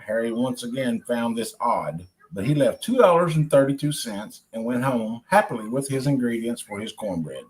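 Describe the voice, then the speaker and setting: A man's voice: medium pitch, expressive, normal speed, few pauses, rough recording. A man reading a children's story aloud in a casual, chatty way, breaking off to talk to people nearby. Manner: chatty, digresses to talk to others.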